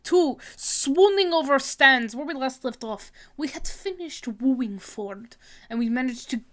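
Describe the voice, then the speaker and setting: A woman streamer chatting casually on a livestream, rambling and giggling. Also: high-pitched.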